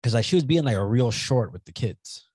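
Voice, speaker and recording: A young man co-hosting a podcast in casual chat, telling rambling, animated stories and swearing freely. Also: mid-range voice, fairly quick, slightly rough, no room sound. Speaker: podcast co-host.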